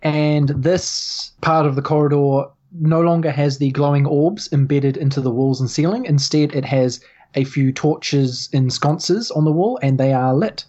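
A woman's voice: low-pitched, measured pace, mellow, dull audio. A woman narrating as game master in a tabletop game, easygoing and filler-heavy.

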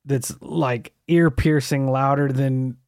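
Man, mid-pitched voice, dry close sound, quick casual reactions. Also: steady tone, darkish tone, smooth, no echo. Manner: reacts and muses in quick, loose, profane talk. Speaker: podcast co-host. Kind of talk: casual chat.

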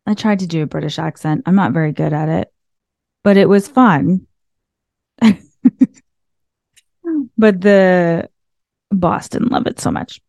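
A woman's voice: fairly low pitch, fairly even intonation, measured pace, gravelly, pauses often, a little mellow, no echo. Chatty woman podcaster, dry close sound. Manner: chatty, laughs often, filler "like". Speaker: podcast host. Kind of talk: casual motivational monologue. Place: small room behind a desk. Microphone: desk microphone.

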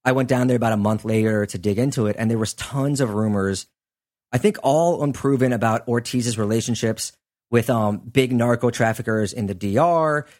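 A man in the middle of his range hosts a podcast, recounting a story in relaxed, chatty fashion. He fills his telling with asides and small tangents, keeping it loose and conversational. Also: medium pitch, moderate pace. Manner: conversational, chatty, lots of "like" and "you know" asides. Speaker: podcast host. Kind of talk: casual storytelling chat.

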